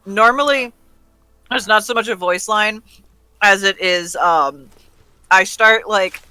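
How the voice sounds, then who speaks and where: Casual gaming chat, bright tone, laid-back, playful, dry close recording. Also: mid-range voice, takes it slowly, smooth, no room sound. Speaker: co-player.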